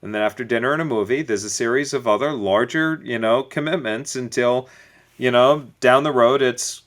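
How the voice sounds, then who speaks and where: A man, a business coach as guest, explaining points through acted-out everyday stories in a relaxed interview. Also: medium pitch, normal speed. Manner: storytelling, acts out little dialogues. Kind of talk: conversational podcast interview.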